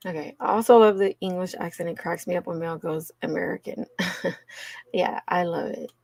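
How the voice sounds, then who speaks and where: A woman's voice: on the low side, fairly even intonation, normal speed, vocal fry, a little mellow, no room sound. A woman with a Cajun accent chatting casually with viewers on a livestream, laughing often and calling them y'all. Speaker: livestream host. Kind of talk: casual live chat with viewers.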